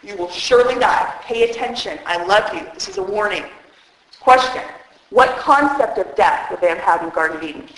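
A woman preaching a sermon, animated and joking, acting out little voices as she teaches. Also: medium pitch, fairly quick. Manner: animated, jokey, acts out voices. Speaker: women's speaker preaching on Genesis. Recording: very echoey hall.

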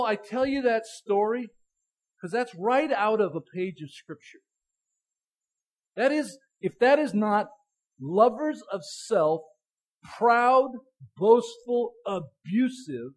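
A man's voice: very high-pitched, expressive, takes it slowly, rough recording. A middle-aged male pastor giving a sermon, telling a story in a chatty way with chuckles and stressing each word in scripture lists.

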